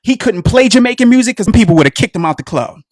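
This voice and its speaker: A man's voice: high voice, lively intonation, fast talker, dry recording, clean studio sound. A man with a Black American accent hosting a radio talk show, delivering a preachy, impassioned monologue and calling his listeners "family.". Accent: Black American English. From United States.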